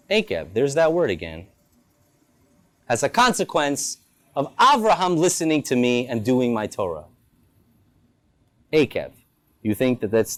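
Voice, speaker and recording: A man, a rabbi, teaching a lunchtime Torah class with rhetorical questions and playful asides. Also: mid-range voice. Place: school campus.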